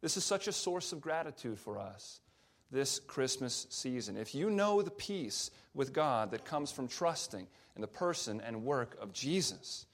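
A man's voice: medium pitch, big pitch swings. Man preaching a sermon, teaching tone. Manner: explanatory, pauses on fillers and restarts; reads scripture aloud slowly. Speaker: pastor.

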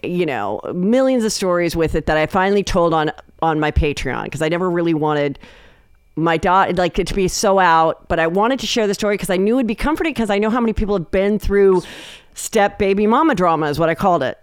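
A woman comedian guest in a casual podcast chat, telling stories in an animated way and acting out quoted voices. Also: lowish voice, brisk, smooth, no room sound, clean studio sound. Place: podcast studio.

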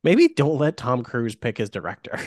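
A man's voice: medium pitch, wildly swooping pitch, normal speed, a little mellow, no room sound, studio quality. Blunt, foul-mouthed man on a podcast. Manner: blunt, profane opinions. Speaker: podcast co-host. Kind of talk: casual movie chat.

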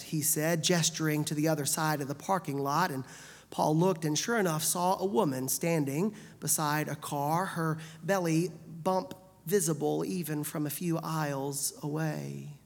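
A woman narrating a story in a measured, deliberate way. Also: deep voice, creaky. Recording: long hall reverb.

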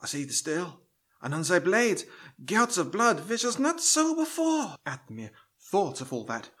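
A man's voice: high-pitched, big pitch swings, unhurried, exaggerated voice. A man playing an overexcited auditioning actor. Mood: theatrical. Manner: theatrical, carried away, shouting at peaks. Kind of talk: comedy sketch acting.

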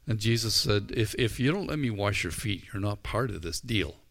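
A man's voice: on the low side, lively intonation, moderate pace, hardly any pauses, a bit bright. A middle-aged male pastor preaching a sermon, retelling scenes in a storytelling way and acting out the voices. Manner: storytelling, acts out the disciples' voices.

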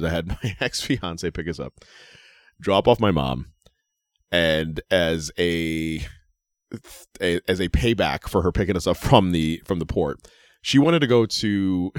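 A man's voice: deep voice, no echo, clean studio sound. A man co-hosting a wrestling podcast in casual chat, ranting and swearing with lots of laughter. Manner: animated, swearing, laughing ranter. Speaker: podcast co-host.

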